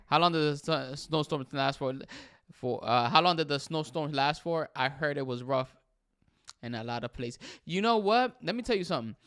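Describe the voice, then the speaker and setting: A man's voice: a little high, lively intonation, normal speed, fairly bright tone, smooth, dry recording, clean studio sound. A young man hosting a casual livestream, chatting with viewers and reading their comments, switching between English and Spanish. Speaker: livestream host.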